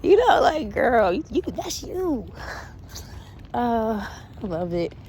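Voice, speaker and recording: A woman chatting casually on a walk outdoors, reacting to an interview with animated, blunt talk, laughter and swearing. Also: a little high, slow, a little hiss or hum, rough recording. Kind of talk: casual chat.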